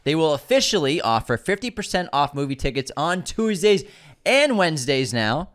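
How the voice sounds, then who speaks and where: A man's voice: fairly high pitch, big pitch swings, normal speed, fairly bright tone. A man co-hosting a podcast, chatting casually about movie news with enthusiasm and frequent restarts. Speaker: podcast co-host.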